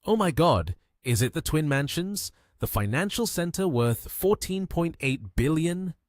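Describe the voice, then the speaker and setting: A man voicing an excitable, cheerful young man. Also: medium pitch, moderate pace, no room sound, clean studio sound, lightly acted. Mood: excited.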